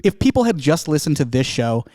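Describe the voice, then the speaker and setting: A man's voice: on the high side, big pitch swings, fairly quick, mellow, no room sound. A man hosts a casual podcast and rambles through his thoughts, hedging with fillers and poking fun at himself. His voice sounds close and dry, with little room sound. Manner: rambling, self-deprecating, lots of fillers. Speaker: podcast host. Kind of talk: casual chat.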